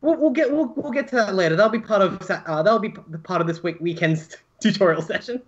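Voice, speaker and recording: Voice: medium pitch, fast talker, lo-fi sound. A player in a tabletop game who laughs often and thinks aloud while describing their character. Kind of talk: casual tabletop role-play.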